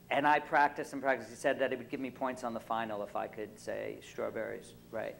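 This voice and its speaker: A man's voice: mid-range voice, little pitch movement, a little fast, vocal fry, hardly any pauses, a bit bright, slight background noise, rough recording. Chatty man on a convention panel. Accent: faint New York. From Brooklyn, New York. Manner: rambling, many fillers and restarts, jokey. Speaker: panel guest. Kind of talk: convention panel Q&A, casual storytelling.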